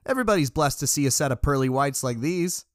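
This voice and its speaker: A man's voice: medium pitch, expressive, quick pace, no room sound, natural voice. A laid-back young tomcat student, as a man reading a story plays him, talks in a casual, offhand and slangy way. His voice is plain and dry. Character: young male cat student, easygoing and evasive.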